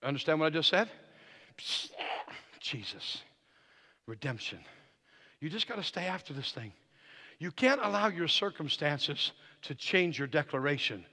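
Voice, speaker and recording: As a guest speaker in a church sanctuary, a man delivers a charismatic sermon, moving from hushed talk to shouted declarations and telling stories with quoted dialogue. His voice is on the high side, animated and fairly quick, with the long hall reverb of a church.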